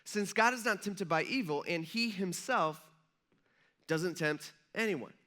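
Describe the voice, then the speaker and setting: High-voiced, bright-toned male pastor. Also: measured pace. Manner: conversational, energetic, asks the audience questions. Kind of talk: sermon.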